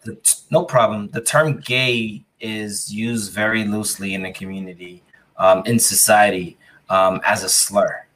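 Male interviewer, low pitch, measured questions with frequent check-ins. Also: steady tone, fairly bright tone, slight background noise, rough recording. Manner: measured, often tags questions with "right?".

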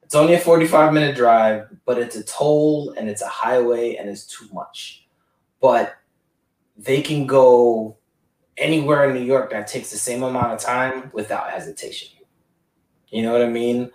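Caught on a distant mic in a roomy space, a man caring for his father spins meandering stories during a casual group chat. He performs the voices he quotes, speaking at a medium pitch and moderate pace with a slightly mellow tone.

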